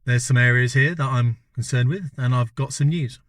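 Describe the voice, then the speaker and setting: Young doctor, kind but serious, calm talk, done by a guy. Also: mid-range voice, moderate pace, no echo, studio quality, close to an everyday voice.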